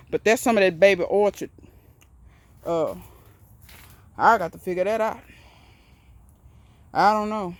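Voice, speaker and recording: A woman's voice: medium pitch, a little mellow. Folksy woman touring her garden. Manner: folksy, rambling, talks straight to viewers. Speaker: home gardener giving a garden tour. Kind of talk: casual walk-and-talk tour. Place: outdoor backyard garden and greenhouse.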